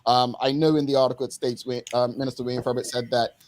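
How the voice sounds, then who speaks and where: A man's voice: medium pitch, flat delivery, quick pace, darkish tone, no room sound. A man from Bermuda hosting a daily talk show in a casual, chatty way, often calling out to the audience as folks.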